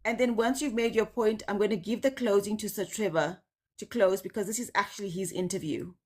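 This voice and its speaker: A woman's voice: mid-range voice, fairly quick. Woman moderating a panel. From South Africa. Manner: apologetic but firm, keeps order. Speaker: panel host.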